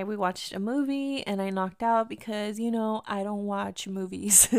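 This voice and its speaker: A woman's voice: mid-range voice, fairly bright tone, clear, resonant tone. A young woman hosting a podcast, telling a casual story full of "like" and mixing English with Spanish. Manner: chatty, switching between English and Spanish, lots of "like". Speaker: podcast host.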